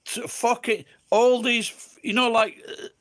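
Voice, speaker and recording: A man's voice: very high voice, fairly even intonation, a little slow. An English man with an English accent, tipsy and rambling, swearing constantly as he chats with viewers on a livestream. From England. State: tipsy from drinking. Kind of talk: rambling casual chat.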